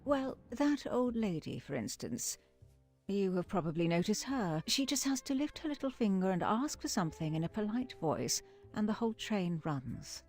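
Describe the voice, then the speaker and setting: A calm, wry passenger. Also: female voice, medium pitch, normal speed, soft background music. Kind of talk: video game voice acting.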